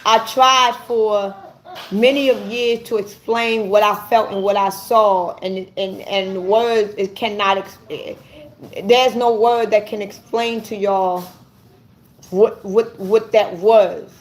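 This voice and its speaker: A woman giving an earnest personal testimony to camera, halting and often repeating her words as she searches for them. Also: medium pitch, fairly even intonation. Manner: earnest and intense. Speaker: vlogger.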